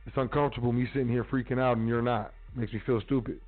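A man's voice: mid-range voice, little pitch movement, quick pace. A man hosting a casual talk show, speaking bluntly with street slang and some profanity. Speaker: podcast host. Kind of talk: casual monologue. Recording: tinny phone-line sound with faint music.

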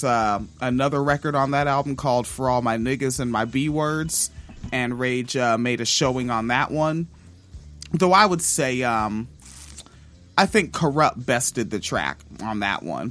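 A man's voice: mid-range voice, unhurried, a bit bright. A man hosting a podcast, talking loosely about music history with plenty of swearing and filler words. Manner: loose and profane, with many ums and uhs. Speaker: podcast host. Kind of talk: casual music-history commentary.

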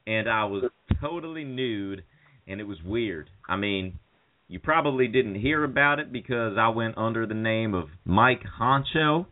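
A man's voice: fairly low pitch, lively intonation, unhurried. A man doing an impression of a goofy young buddy pleading at a friend's sickbed, in a put-on drawl. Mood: rambling confession. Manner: pleading, rising to frantic yelps. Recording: phone-like call audio.

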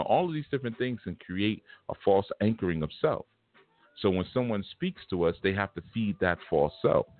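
Deep-voiced man giving a spiritual lecture. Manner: casual, emphatic, vernacular preaching. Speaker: spiritual teacher. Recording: tinny phone-like line with faint music.

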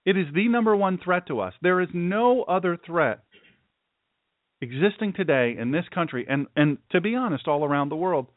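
A pastor hosting his own show preaches in a forceful, emphatic way, repeating key phrases for effect. His voice sits a bit higher than most men's. It comes across dry and tinny, like a phone call, with no room sound. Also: animated, moderate pace, dry recording.

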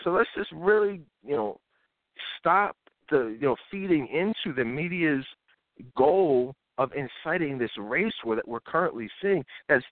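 A host in his thirties rants on a live talk show in a lively, animated, rather high voice that swoops up and down, sometimes mocking people with put-on voices. The audio is thin and phone-like, with no room echo.

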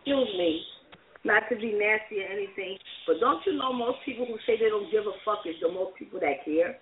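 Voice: medium pitch, brisk, slight background noise. A panelist on a casual call-in talk show who bluntly speaks up to make a point. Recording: tinny phone line with chatter behind.

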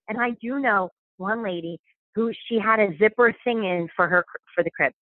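A woman's voice: mid-range voice, normal speed, no room sound. Chatty woman on a tinny line. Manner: rambling, chatty, many fillers and restarts. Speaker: podcast guest, stay-at-home mom. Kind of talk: casual chat. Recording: dry tinny phone-like sound.

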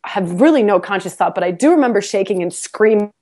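This woman speaks quickly in a mid-range voice as a podcast guest sharing something from her own life in a relaxed interview. Laughing frequently and mocking herself, she tells the story with energy, often repeating words as she starts over.

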